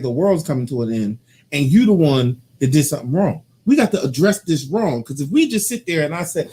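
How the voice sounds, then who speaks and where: Animated, teasing man arguing his point. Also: on the high side, a little fast, slight background noise. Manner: animated, argumentative and teasing, quoting people in changed voices. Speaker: co-host. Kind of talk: casual couple debate.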